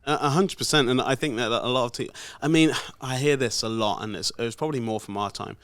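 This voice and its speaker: A man hosting a casual podcast chat, quick to tease and interject. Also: mid-range voice, a bit bright, smooth, no room sound. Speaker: former teacher.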